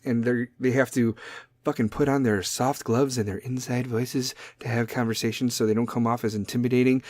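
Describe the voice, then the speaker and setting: A man's voice: medium pitch, a little mellow, dry recording, clean studio sound. Profane, blunt young man ranting. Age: young adult. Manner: goes off on tangents. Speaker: podcast host. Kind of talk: ranting monologue.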